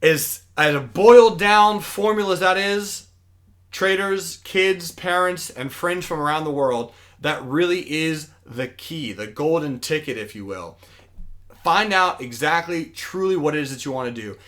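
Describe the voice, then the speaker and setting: A man's voice: fairly high pitch, fairly bright tone. A man presenting an online webinar for kids, chatty and enthusiastic, often restarting his sentences. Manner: enthusiastic, chatty, self-correcting. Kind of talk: casual online teaching for kids.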